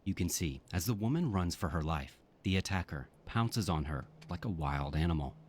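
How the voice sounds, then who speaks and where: A man's voice: low-pitched, lively intonation, normal speed, darkish tone, slight background noise. A man narrating a scripted true-crime story in a dramatic storytelling manner.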